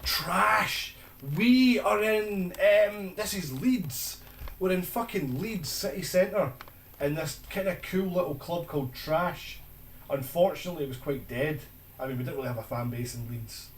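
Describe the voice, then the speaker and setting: A man's voice: fairly high pitch, normal speed, slight background noise. A man casually commenting, wry and sweary, while reviewing old tour footage. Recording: roomy, distant mic under loud music.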